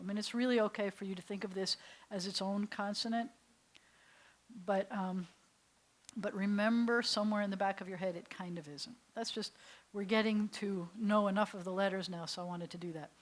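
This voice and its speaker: A woman rabbi teaching a beginners' class, who explains things playfully and leads the group in repeat-after-me drills. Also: mid-range voice. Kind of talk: classroom lesson. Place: synagogue classroom.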